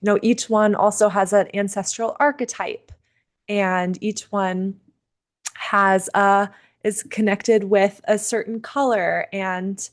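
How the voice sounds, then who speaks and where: A woman speaking on a video call at a middle, even pitch. Her delivery is gentle and unhurried as she winds down a spiritual gathering and answers questions. She pauses and restarts now and then with soft fillers. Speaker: seder leader and teacher. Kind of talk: casual talk closing a virtual gathering.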